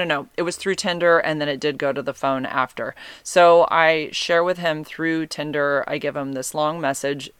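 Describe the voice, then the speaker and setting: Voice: medium pitch, a bit bright, clear, resonant tone, dry recording. A vlogger telling a personal dating story in a casual, rambling way, often correcting themself, open and emotionally candid.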